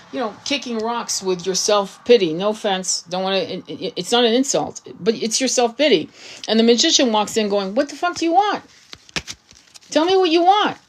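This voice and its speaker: A woman giving a tarot reading, talking straight to the viewer in a blunt, casual way and swearing freely. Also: medium pitch. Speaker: tarot reader.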